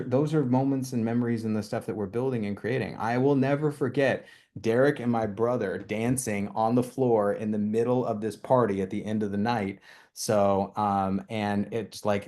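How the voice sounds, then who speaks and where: Impassioned, rambling low-voiced man. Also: warm tone. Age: young adult to middle-aged, with a toddler. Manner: rambling and impassioned, with frequent restarts and tag questions. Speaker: company leader giving a team training. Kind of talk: motivational training talk.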